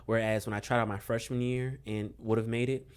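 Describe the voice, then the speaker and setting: A young man from Maryland, a guest on a podcast, telling a relaxed story with lots of fillers and chuckles. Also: medium pitch, fairly quick, clean tone. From Maryland, USA. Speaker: podcast guest, basketball coach. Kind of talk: casual storytelling interview.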